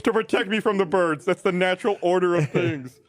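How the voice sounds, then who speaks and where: A man on a podcast telling a rambling, animated story in a casual chat. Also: high-pitched, a little fast, very noisy. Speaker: podcast co-host.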